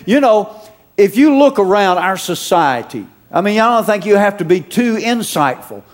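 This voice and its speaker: A man preaching a sermon to a congregation, asking them questions and calling out louder as he builds. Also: high-pitched, sing-song, moderate pace. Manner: preachy, calls out to the congregation with rising shouts. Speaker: pastor.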